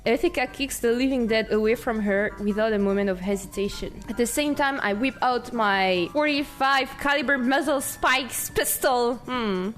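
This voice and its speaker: A woman streaming a game, reading its text aloud and breaking into giggly, excited outbursts. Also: a little high, moderate pace, few pauses, soft background music. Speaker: VTuber streamer.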